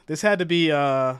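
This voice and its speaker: A man's voice: fairly high pitch, a bit bright, clean tone, no room sound, studio quality. A man in his thirties hosting a casual football reaction livestream, chatty and laid-back, repeating lines for emphasis. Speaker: livestream host.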